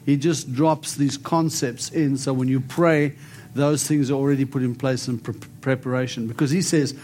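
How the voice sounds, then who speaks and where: A man's voice: medium pitch, steady tone, moderate pace, darkish tone. A man preaching and prophesying over a congregation, emphatic and declaring, often coaxing his listeners to respond. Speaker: preacher giving prophetic ministry. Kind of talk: charismatic sermon and prophecy.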